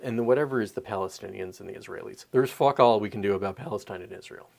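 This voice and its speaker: A man in his thirties hosting a podcast, ranting in a profane, animated, rambling way. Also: on the low side, fast talker, creaky. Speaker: podcast host. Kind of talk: casual opinion rant.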